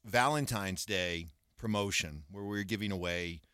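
A man who works as a sports radio host, chatting casually as a guest and chiming in with quick agreement. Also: sits low, clear, resonant tone, no room sound, studio quality. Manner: quick agreeing backchannel, lively. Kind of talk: casual chat.

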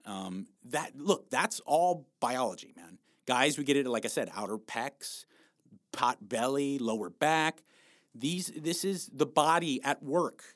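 In clean studio sound with no room tone, a man gives a blunt, profane motivational talk on fat loss, coaching his listeners and pushing them on with emphatic encouragement. His medium-pitched, fairly bright voice moves with lively intonation at a slightly slow pace.

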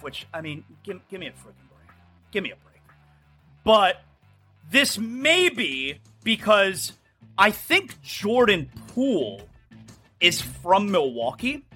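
A man hosting a solo sports talk show, rambling fast and opinionated about games and news. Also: high-pitched, big pitch swings, pushed and bright, husky, faint music behind.

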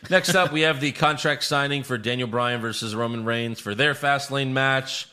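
Podcast co-host, male, bright edge, sarcastic and profane casual recap. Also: mid-range voice, moderate pace. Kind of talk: casual wrestling recap chat.

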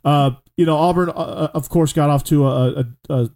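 Mellow-voiced man hosting a sports show. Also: fairly high pitch, fairly even intonation, fairly quick. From Atlanta area, Georgia. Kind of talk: casual sports talk.

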